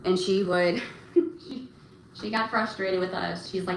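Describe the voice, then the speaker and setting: A young woman hosting a casual livestream and answering chat, talking in a rambling, halting way with many fillers and restarts. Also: mid-range voice. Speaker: livestream host reading chat. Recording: roomy echo, faint background noise.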